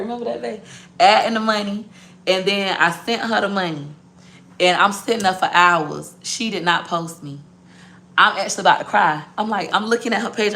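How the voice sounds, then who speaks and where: Gravelly, bright-voiced woman telling a story. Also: medium pitch. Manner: blunt, profane, animated storyteller. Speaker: business owner. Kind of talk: casual storytelling to viewers.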